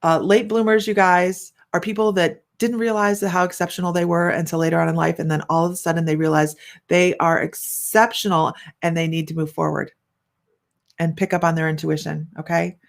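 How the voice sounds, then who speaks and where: A woman's voice: fairly low pitch, little pitch movement, a little fast, creaky. A middle-aged woman hosting a psychic livestream, chatting casually and rambling as she reads out viewer comments. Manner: chatty and rambling, many fillers and restarts.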